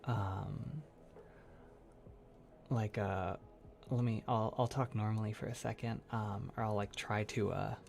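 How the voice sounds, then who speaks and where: A man who makes ASMR content, hosting a casual livestream chat, soft-spoken and rambling, laughing often as he answers chat. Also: on the low side, fairly even intonation, takes it slowly, gravelly, pauses often, slight background noise.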